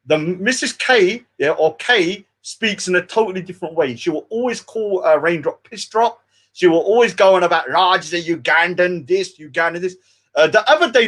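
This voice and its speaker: Brief: male streamer, heated and scornful rant, slightly high voice. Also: fairly bright tone. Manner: scornful, repeats "yeah?" often.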